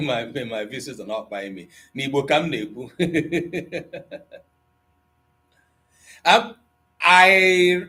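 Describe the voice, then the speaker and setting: An Igbo language teacher with a medium-pitched voice and an Igbo accent hosts a live online class, reading out viewer comments in a mix of English and Igbo. He's playful, chuckling often and gently teasing his students.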